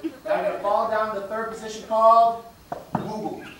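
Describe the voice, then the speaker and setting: A man performing stand-up speaks fairly quickly in a high, monotone voice, engaging the audience with instructor-like orders and overdone sing-song tones. It's a live stage show in an echoey venue, recorded very noisily through a distant mic over a loud crowd.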